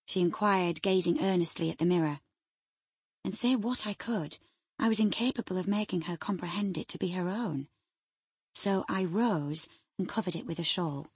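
A woman narrating a classic novel as an audiobook reader, in a measured, even storytelling manner. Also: on the low side, slightly rough, no echo, clean studio sound.

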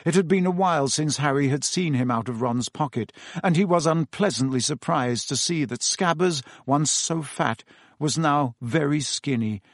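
A man reading a storybook aloud as narrator, telling it in a steady, measured way on a close mic. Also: fairly high pitch, dry recording. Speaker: audiobook narrator. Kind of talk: scripted narration.

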